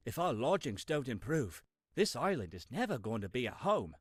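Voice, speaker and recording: A man's voice: medium pitch, very animated, moderate pace, slightly rough, no echo. An actor playing a discontented island settler in a game, pleading about damp housing, his accent drifting between regions. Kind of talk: game character voice line.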